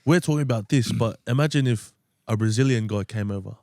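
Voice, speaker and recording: A man chatting casually with friends on a podcast, slangy and animated, often breaking into loud laughter. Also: fairly low pitch, fairly quick, dry recording, studio quality. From Samoan heritage. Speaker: podcast co-host. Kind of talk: casual chat among friends.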